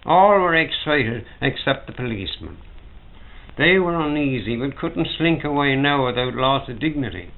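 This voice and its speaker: A man in his seventies with a Dublin accent reading his own prose in a measured, dramatic way, recorded at home. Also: mid-range voice, animated. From Ireland. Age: 70s. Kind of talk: literary reading. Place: private home. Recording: tinny 1950s home recording.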